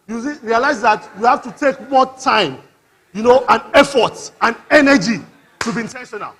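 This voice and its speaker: A man with a Nigerian accent preaching a lively conference sermon, teasing the crowd and having them repeat words back. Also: very high voice, husky. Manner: playful, teasing, mixes in pidgin and local words. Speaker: conference speaker.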